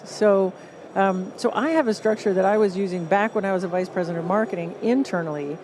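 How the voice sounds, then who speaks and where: Canadian woman guest, mellow tone, animated talker who acts out quotes, live conference podcast stage, faint background noise. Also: medium pitch, quick pace. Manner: animated, acts out what others say. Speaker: guest author.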